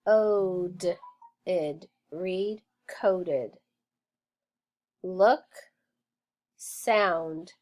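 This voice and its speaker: A woman teaching a phonics lesson, clearly sounding out words and splitting them into syllables. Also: on the low side, very slow, pauses often, darkish tone. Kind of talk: slow, deliberate phonics lesson.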